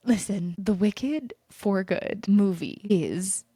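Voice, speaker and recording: A young woman hosting a pop culture podcast, gushing with breathless, fast enthusiasm about the latest news. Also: mid-range voice, animated, dark tone, slightly rough, no echo, clean studio sound. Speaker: podcast host.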